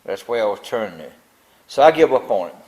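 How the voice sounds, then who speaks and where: A man's voice: lowish voice, lively intonation, quick pace, darkish tone, slightly rough, rough recording. An older man, talking through a tractor build in his machine shop in a rambling, grumbling way. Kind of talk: casual workshop vlog.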